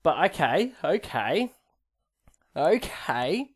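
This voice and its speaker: A young man with an Australian accent hosting a reaction channel, excitable, laughing often and firing off slangy exclamations. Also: medium pitch, measured pace. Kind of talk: casual reaction commentary.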